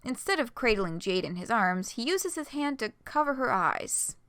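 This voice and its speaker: A young woman reading a fan story aloud on a live stream, her voice bright and sharp in a dry, close room. She swings her pitch all over the place and breaks off to gush and swear about what she reads. It is fannish, excitable, and very much her own voice. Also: normal speed, clear, resonant tone, dry recording. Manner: excitable, swears a lot, laughs often, fan gushing between passages.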